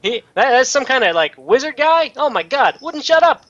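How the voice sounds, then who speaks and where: A man's voice: very high-pitched, big pitch swings, normal speed, a bit bright. Joking man at a game table, dull audio. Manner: joking, rambling with fillers. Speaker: player. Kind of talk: casual tabletop banter. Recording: dull lo-fi recording.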